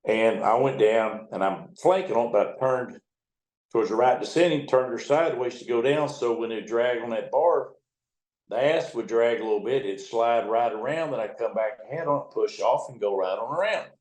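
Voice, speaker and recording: A retired American river towboat captain, an older man, spins river yarns in conversational storytelling, folksy and profane, performing other people's lines in quotes. His mid-range voice is a little mellow and moves at a moderate pace, with roomy echo around it.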